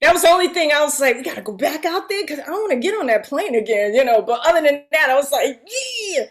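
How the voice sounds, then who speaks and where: Middle-aged woman, high voice, animated storyteller, laughs a lot and does everyone's voices. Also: fast. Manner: animated, acts out quoted voices, laughs often. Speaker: guest actress. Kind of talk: casual storytelling.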